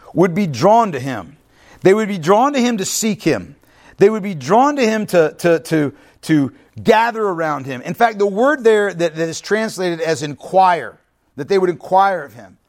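Earnest male Bible teacher, slightly high voice. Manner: conversational, checks in with "right?" and "okay?"; earnest, restarts and stumbles over words. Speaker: pastor teaching Bible study.

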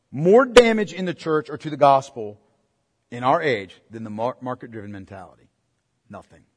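A man's voice: a little high, slightly rough. A male pastor preaching a sermon, emphatic and full of rhetorical questions put to the congregation. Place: church sanctuary. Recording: long reverb in a large hall.

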